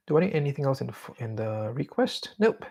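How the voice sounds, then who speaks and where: A man's voice: mid-range voice, big pitch swings, fast talker, gravelly, darkish tone. A young man talking to himself while he codes for a vlog, mumbling and humming filler sounds as he types. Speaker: vlogger coding on camera. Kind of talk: casual self-talk while working.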